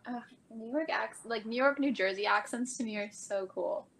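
A woman's voice: fairly high pitch, moderate pace, vocal fry, a bit bright, a little hiss or hum, rough recording. A young woman co-hosting a podcast in casual chat, giggly and upbeat. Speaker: podcast co-host.

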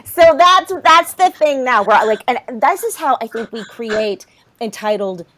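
A woman, telling funny parenting stories on a podcast and loudly mimicking her young son. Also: fairly high pitch, unhurried. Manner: animated, swings into loud mimicking of her son. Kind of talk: casual comedic storytelling.

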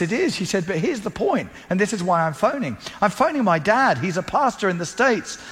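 High, bright-voiced preacher man in a hall. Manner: animated storytelling, acting out dialogue. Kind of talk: sermon with storytelling.

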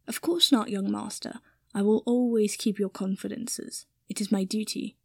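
A woman voicing a timid, dutiful male house-elf servant, speaking slowly and formally, in a storybook reading. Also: mid-range voice, steady tone, gravelly, dark tone, breathy edge, dry recording. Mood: solemn. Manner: slow, formal, self-deprecating speech.

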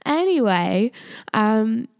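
A woman's voice: on the high side, big pitch swings, extremely slow, a little mellow, smooth, dry recording, studio quality. A British woman in her twenties hosting a casual solo podcast, chatty and rambling, her voice nasal and stuffed up from being ill. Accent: British English. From Britain. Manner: chatty and rambling, many "like" and "um" fillers. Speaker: podcast host.

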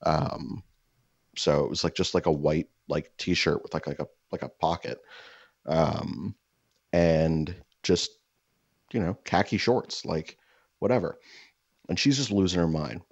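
A man's voice: low-pitched, a little slow, pauses often, husky, no room sound. A man casually telling a long anecdote, full of "like" fillers, slipping into voices when he quotes people. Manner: rambling, heavy "like" fillers. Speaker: storyteller. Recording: dull, lo-fi dry sound.

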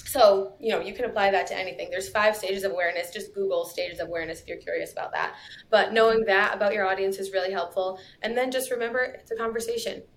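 Young woman guest, casual podcast chat, chatty with quick asides, faint rumble behind. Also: fairly even intonation. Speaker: guest copywriter.

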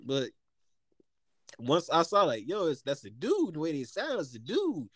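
A young man casually telling stories as a podcast co-host, in an animated, profane way, laughing often. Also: fairly high pitch, measured pace, no room sound, clean studio sound. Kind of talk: casual storytelling.

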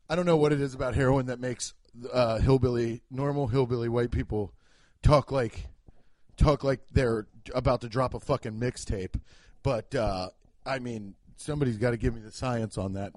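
A man doing a stand-up comedy routine, ranting in an animated, profane way. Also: medium pitch, no room sound.

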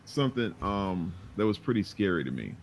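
A man co-hosting a casual podcast chat, excitable and teasing, full of slang. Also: sits low, a little fast. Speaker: podcast co-host.

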